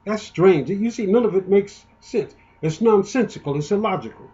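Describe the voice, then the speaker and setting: A man's voice: sits high, lively intonation, normal speed, few pauses, muffled recording. A man giving an indignant, emotional, rambling political monologue, often restarting his sentences. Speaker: political commentator.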